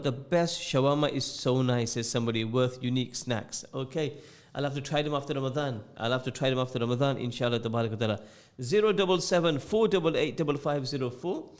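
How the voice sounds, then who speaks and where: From England, a man hosts a radio show in a radio studio, his accent a mix of northern English and London. He chats casually, joking and repeating phrases as he reads listener messages, in a mid-range voice with a darkish tone.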